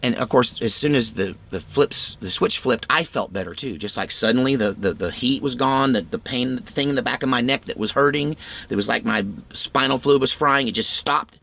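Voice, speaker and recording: A man's voice: mid-range voice, normal speed, gravelly, fairly bright tone. A man earnestly recounting a frightening personal experience in a tense, fervent way. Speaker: storyteller. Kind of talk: personal storytelling.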